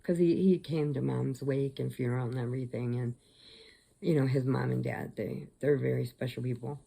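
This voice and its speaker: A woman's voice: extremely low pitch, steady tone, moderate pace, gravelly, mellow, slightly rough. A middle-aged woman hosting a crochet channel, rambling through stories in a chatty, casual way. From Illinois, USA. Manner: rambling, chatty, laughs often. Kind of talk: casual storytelling vlog.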